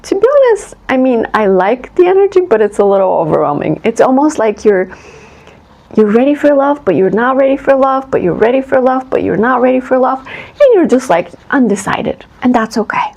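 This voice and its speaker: A woman gives a collective tarot reading in an effusive, rambling way and laughs often. Her voice sits a little high and has a gravelly fry. She jumps into a high voice to act out reactions. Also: lively intonation, moderate pace, darkish tone, low-quality recording. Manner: acts out quoted reactions in a high voice. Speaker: tarot reader.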